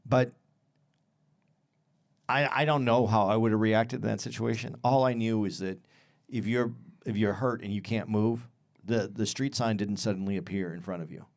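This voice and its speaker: Animated male podcast co-host. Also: on the low side, moderate pace, vocal fry. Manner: animated, acts out quotes in a raised voice. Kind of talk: casual chat.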